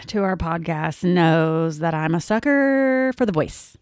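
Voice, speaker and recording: Candid Southern woman with a lowish voice. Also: animated, a little slow, darkish tone, clean tone, dry recording. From Oklahoma. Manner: candid, plainspoken, laughs easily. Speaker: podcast co-host. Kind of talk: casual chat.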